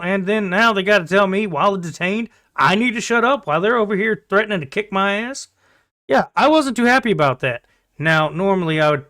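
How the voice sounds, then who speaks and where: Male vlogger, casual storyteller, high and bright, blunt and profane.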